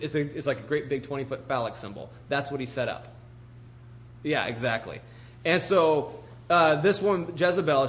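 A man's voice: a little high, a bit bright. A man preaching, retelling a Bible story in an informal, conversational way with frequent asides and restarts.

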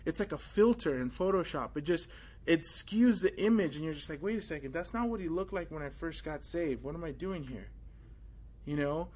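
A young man gives a loose, conversational sermon with a somewhat raised voice. He is animated, full of fillers, and acts out moments of his story with sudden exclamations. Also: on the high side, moderate pace, slightly rough. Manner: casual and animated, many fillers, tells story with acted exclamations. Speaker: preacher. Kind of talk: informal sermon with personal story.

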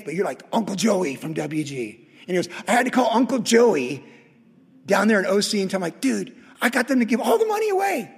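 A man preaching a sermon, telling a story with sudden loud excited peaks between quiet stretches. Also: sits high, breathy edge, long reverb tail. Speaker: pastor.

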